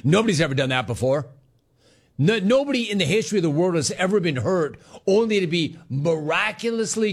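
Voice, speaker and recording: A man hosts sports talk with a sarcastic, teasing delivery, mocking fans while laughing at his own jokes. His voice sits a bit high for a man. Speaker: sports talk show host.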